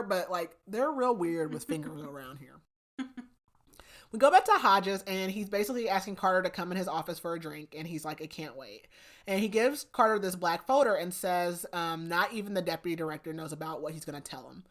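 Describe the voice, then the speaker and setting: A young adult woman hosting a podcast, casually retelling a book's plot in an animated way, often saying "like". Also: lowish voice, a little fast. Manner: animated storytelling, frequent "like", laughs. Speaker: podcast host. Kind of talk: casual book recap.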